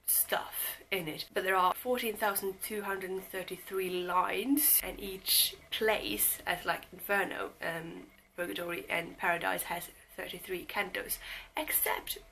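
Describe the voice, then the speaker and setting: A woman's voice: fairly low pitch, fairly bright tone, slight background noise, poor audio. A young woman giving a casual, rambling book talk to camera, chatty and self-deprecating, with lots of fillers. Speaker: book vlogger.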